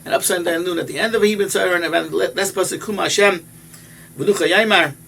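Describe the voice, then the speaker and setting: A man's voice: sits high, fairly even intonation, fast, creaky, bright, forceful tone, slight background noise. A man, a rabbi and yeshiva head, giving a sermon as emphatic storytelling that repeats key phrases.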